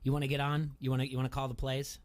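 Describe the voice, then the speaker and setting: A man's voice: medium pitch, racing, soft background music. Storytelling male radio host. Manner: storytelling, animated when quoting. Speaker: radio sports talk host. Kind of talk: casual chat.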